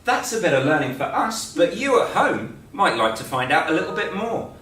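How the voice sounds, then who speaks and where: A man's voice: sits high, big pitch swings, normal speed, a bit bright, slight background noise. A man teaching a school assembly, playful and joking as he explains and draws. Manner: playful, joking, talks while drawing. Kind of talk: light-hearted assembly presentation. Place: school room. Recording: echoey room, mic at a distance.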